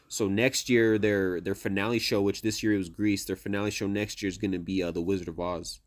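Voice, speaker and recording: A man's voice: fairly low pitch, brisk. Profane, rambling young man co-hosting. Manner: rambling, profane, animated storytelling. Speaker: podcast co-host. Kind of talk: casual chat.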